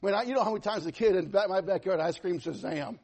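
A man preaching a sermon as pastor, animated and conversational, swinging from loud to soft with some self-deprecating humor. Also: high voice, rapid-fire.

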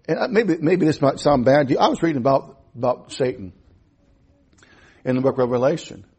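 A man's voice: medium pitch, darkish tone, husky. A man in his fifties preaching a sermon as pastor, emphatic, repeating his phrases and restarting. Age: 50s.

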